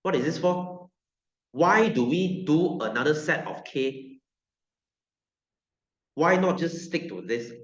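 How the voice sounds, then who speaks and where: A man's voice: on the high side, animated, takes it slowly, pauses often, reverberant, highs cut off. A man with a Malaysian English accent teaching a science class, chatty and joking, laughing often and slipping into Malay.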